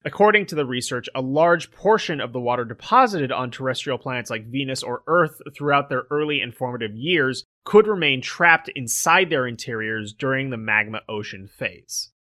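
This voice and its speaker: A man's voice: mid-range voice, expressive, normal speed, hardly any pauses, sharp tone. A man co-hosting a casual podcast, steadily reading out and explaining a science article. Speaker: co-host.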